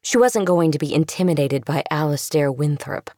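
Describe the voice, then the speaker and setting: A woman narrating an audio drama in a steady, dramatic way. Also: deep voice, normal speed, no echo, clean studio sound.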